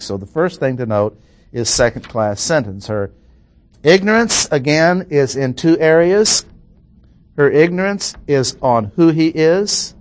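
A man gives a verse-by-verse Bible lesson at a very unhurried pace. He explains carefully and deliberately, repeating key phrases for emphasis. His voice sits at an ordinary middle pitch. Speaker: Bible teacher.

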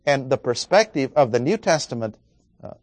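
A man preaching an expository sermon, working through verses and stressing key words with slow, dramatic pauses. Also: mid-range voice, expressive, dry recording.

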